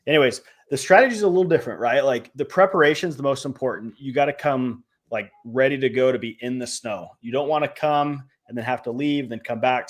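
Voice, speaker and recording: Young male co-host, middling pitch, casual coaching talk, fillers, phrases trailing off. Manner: conversational, filler-heavy, drops volume at ends of phrases. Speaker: co-host, real estate trainer. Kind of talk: casual live-stream coaching.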